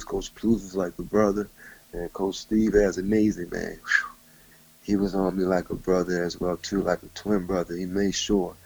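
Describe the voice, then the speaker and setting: Young man, very deep flat gravelly voice, husky; halting, heartfelt guest storyteller. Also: low-quality recording. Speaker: former football player, guest. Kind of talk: emotional phone-in remembrance.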